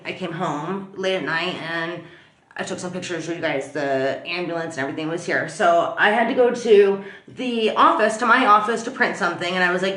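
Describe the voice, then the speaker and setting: A woman vlogger telling a story in a chatty, animated way, full of fillers. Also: medium pitch, roomy sound. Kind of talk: casual storytelling to camera. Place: at home.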